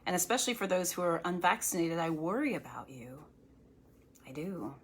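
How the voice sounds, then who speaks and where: A woman's voice: fairly low pitch, animated, normal speed, slightly rough. A woman doctor hosting a casual livestream, talking earnestly and encouragingly to her viewers, at times turning stern.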